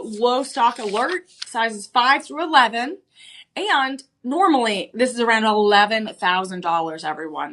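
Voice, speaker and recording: Woman, young adult, TV shopping host, bubbly sales talk, repeats herself, slightly high voice. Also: fairly bright tone. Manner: enthusiastic, repetitive, peppered with "again" and restarts. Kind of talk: live TV shopping pitch.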